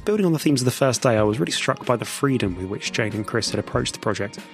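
A man hosts a podcast in a relaxed, chatty way, with a medium-pitched voice. He is self-deprecating and leans on fillers and restarts. He is recording from a quiet corner of a conference. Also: quick pace, gravelly, soft background music. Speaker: podcast host. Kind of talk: casual podcast narration and chat.

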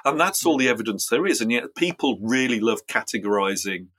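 A man's voice: medium pitch, animated, a little fast, a bit bright, poor audio. Chatty English man explaining learning theory. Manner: declamatory when reading, chatty with fillers in talk. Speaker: podcast co-host. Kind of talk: casual chat and comic dramatic reading.

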